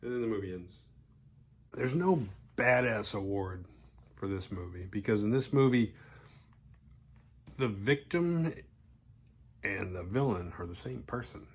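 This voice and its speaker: Man with a lowish voice, rambling film recap. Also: animated, a little slow, long pauses. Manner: rambling, loose retelling full of "like" fillers. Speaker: horror film podcast host. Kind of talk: casual spoken film recap.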